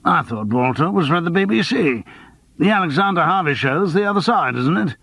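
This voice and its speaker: A man's voice: on the high side, brisk, creaky, no room sound, voice pushed up, exaggerated voice. A man voicing a worldly, wry lawyer who is an old friend of the hero, in an audiobook. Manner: wry, teasing, lively. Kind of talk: audiobook character voice.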